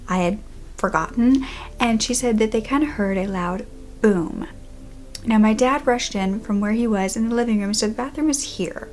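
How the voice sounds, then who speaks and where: A young woman telling a true-crime story from her childhood to camera in a casual, animated way, sometimes dropping to a hushed whisper at tense moments. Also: mid-range voice, a little hiss or hum. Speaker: YouTuber.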